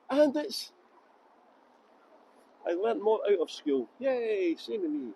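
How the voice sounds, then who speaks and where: A man with a high voice leads a live walking tour through the streets. He talks into a handheld phone, laughs often and chats with viewers as he goes. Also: big pitch swings, slow, gravelly, mellow, a little hiss or hum, rough recording. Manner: chatty, jokey, laughs often, answers viewer comments. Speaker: tour guide. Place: outdoors on city streets.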